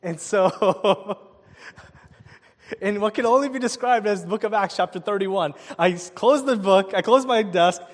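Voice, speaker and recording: A male pastor preaching a sermon, telling a personal story in an animated way and acting out the people in it. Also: high voice, unhurried, in a large hall. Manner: animated storytelling with laughs and quoted voices.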